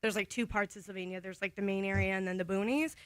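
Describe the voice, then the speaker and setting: A young woman from the Toledo, Ohio area co-hosts a morning radio show, chatting casually and growing emotional until she's laughing through tears. She talks fast in a medium-pitched, fairly even voice, picked up by a studio microphone in a radio studio with slight background noise.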